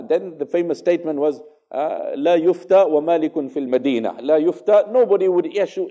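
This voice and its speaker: A man giving an Islamic religious lecture, telling stories, acting out dialogue and reciting Arabic verses quickly. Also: high voice, warm tone, dull audio. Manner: conversational, fillers, repeats phrases for emphasis.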